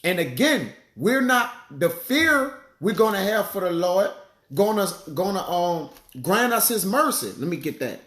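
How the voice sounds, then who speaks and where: Man, casual bible teacher, slightly high voice, echoey room. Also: very animated, a bit bright. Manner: conversational, peppers lines with "man" and "all right"; reads verses slowly, searches aloud for passages. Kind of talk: casual sermon with scripture reading.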